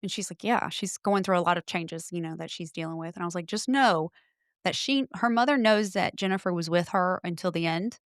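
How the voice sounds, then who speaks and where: A middle-aged woman, a podcast guest, telling a spooky personal story in casual chat, breaking into loud quoted exclamations. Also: lowish voice, brisk, smooth, dry recording, clean studio sound.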